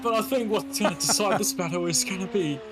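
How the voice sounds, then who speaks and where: Brief: man, slightly high voice, relaxed co-caller who builds into play-by-play, music underneath. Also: fast talker. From Australia. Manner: laughing, relaxed banter, then driving play-by-play. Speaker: co-commentator. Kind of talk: live drifting commentary.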